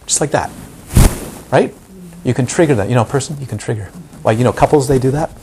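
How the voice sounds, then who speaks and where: A man's voice: medium pitch, fast, background noise. A man giving a meditation teacher's live talk to a group, often questioning the audience and acting out examples.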